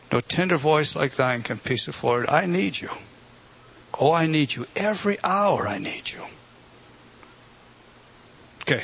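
Husky, emphatic male preacher. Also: on the high side, a bit bright. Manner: earnest, emphatic, repeats words, talks to the congregation. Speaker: pastor. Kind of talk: sermon.

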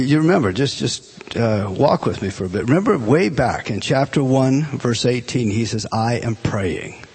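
Animated husky male Bible teacher. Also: on the high side. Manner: animated, repeats words and restarts, emphatic. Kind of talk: classroom Bible lecture.

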